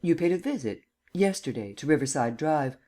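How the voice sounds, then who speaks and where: A man's voice: on the high side, expressive, moderate pace, mellow, voice pushed up, close to an everyday voice. A man voicing a stern district attorney who questions in a level, cold, formal way. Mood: cold, probing.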